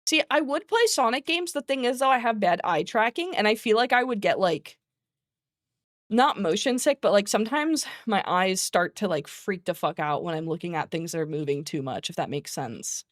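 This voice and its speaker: A woman's voice: medium pitch, expressive, normal speed, no echo, clean studio sound. A woman streamer chatting casually, rambling between topics, laughing often and swearing freely. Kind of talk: casual chat.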